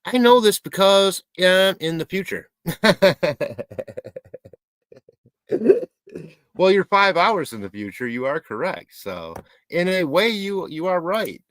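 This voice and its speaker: A man's voice: sits high, sing-song, slow, long pauses, fairly bright tone, no echo. Rambling, joking man live-streaming. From Michigan, USA. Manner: rambling, joking, talks to his pet. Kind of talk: casual live-stream chat reading comments.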